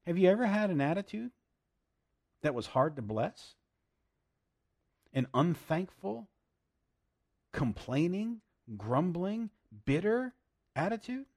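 A man preaching a sermon, emphatic and plain-spoken, with loud bursts, hushed asides and frequent laughs. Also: sits high, very animated, takes it slowly, pauses often.

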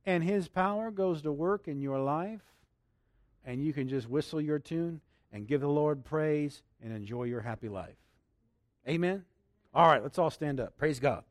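A man preaching a sermon, exuberant and laughing, swinging between hushed and loud lines. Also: fairly high pitch, measured pace, dry recording, clean studio sound. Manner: leads congregation in a loud spoken declaration.

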